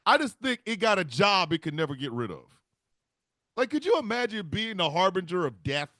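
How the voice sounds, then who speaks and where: Guy riffing a funny story, swears a lot, voice bouncing around, bright and sharp. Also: high-pitched, a little fast, no room sound, clean studio sound. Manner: animated, profane, rambling. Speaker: comedian host. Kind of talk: comic storytelling monologue.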